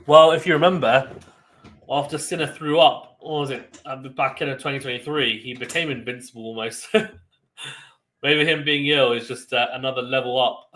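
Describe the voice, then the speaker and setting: Man, young adult, watchalong host, live tennis commentary, excitable play-by-play, bright sharp voice. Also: medium pitch, normal speed. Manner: excitable play-by-play, bursts of loud surprise.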